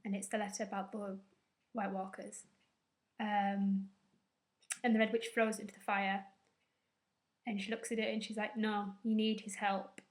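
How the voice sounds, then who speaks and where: A woman's voice: medium pitch, flat delivery, normal speed, pauses often. A young woman rambling through a casual recap to camera, with loose fillers and a bit of swearing. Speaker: vlogger.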